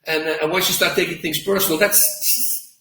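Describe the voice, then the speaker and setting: A man who is a former fighter, answering interview questions in an emphatic, animated way and acting out quotes as he tells stories. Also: on the high side, normal speed, reverberant, recorded from a distance, low-quality recording.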